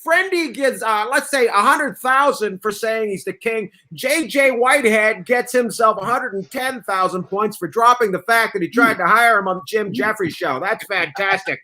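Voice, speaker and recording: A man hosting a casual online comedy chat show, excitable and joking, handing out points to his guests. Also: high-pitched, moderate pace, few pauses. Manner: excitable, laughing, awards joke points. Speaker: host.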